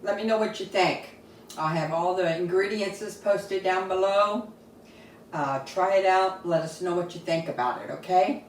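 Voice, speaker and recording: A woman's voice: fairly low pitch, moderate pace, distant mic, slight background noise. A woman cooking in her home kitchen, chatting casually and tasting her dish as she shows a family recipe. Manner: homey, chatty, tastes food while talking. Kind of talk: casual cooking video chat. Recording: echoey kitchen, voice a bit off-mic.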